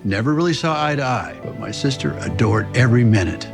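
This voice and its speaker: Tv show guy telling a story, lively pitch, music playing under him. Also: a little fast, gravelly. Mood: reminiscing. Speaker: character in a TV series. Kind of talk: TV drama acting.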